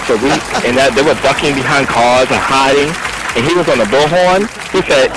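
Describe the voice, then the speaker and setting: A man telling a story in casual talk, animated, acting out the voices of the people in it. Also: mid-range voice, brisk, soft background music, poor audio. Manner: animated, acts out quoted voices. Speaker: storyteller guest.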